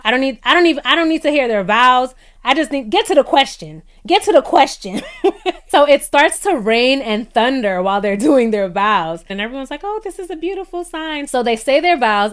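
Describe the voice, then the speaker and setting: Chatty high-voiced woman recapping a show. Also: smooth. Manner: chatty, animated, laughs often, voices reactions in a higher tone. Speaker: reality TV recap vlogger. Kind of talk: casual recap and commentary.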